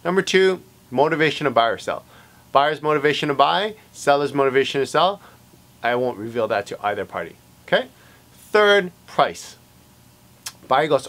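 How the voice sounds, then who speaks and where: In a casual explainer to camera, a realtor with an animated, mid-range, slightly bright voice talks at normal speed about agency rules. He keeps it conversational, packed with fillers and acted-out client conversations.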